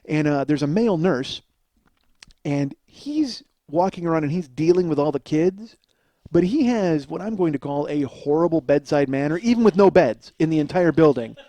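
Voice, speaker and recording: A man hosts a podcast and tells a comic story as a profane, exasperated rant. His voice is fairly high-pitched, animated and dark in tone, at a normal speed with no echo.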